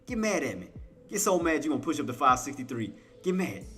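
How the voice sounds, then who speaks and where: A man streaming live trading commentary, coaxing and trash-talking the chart, shifting between low muttering and loud playful outbursts. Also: very animated, quick pace, soft background music. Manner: coaxes and taunts the price chart, swinging from muttering to loud outbursts; playful trash talk with laughter.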